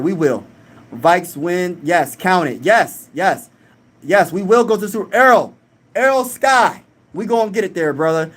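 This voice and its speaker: A hyped young man hosts a casual live stream in a fairly high voice. He reads viewers' comments aloud and talks big, full of boastful energy.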